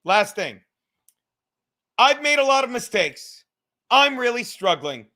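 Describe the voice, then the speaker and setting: A man in his thirties rants on his own podcast from his couch at home, rambling, cursing and getting worked up. His voice sits high for a man, with a bright, sharp edge. It sounds like a home camera setup. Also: sing-song, slow pace. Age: 30s. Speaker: podcast host. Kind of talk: profane livestream rant.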